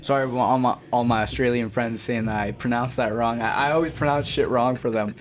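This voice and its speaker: A man's voice: medium pitch, brisk, a little hiss or hum. A young man from Canada, a boxer telling his story in a casual, slangy interview and calling the host "bro". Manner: slangy and animated, says "bro" often.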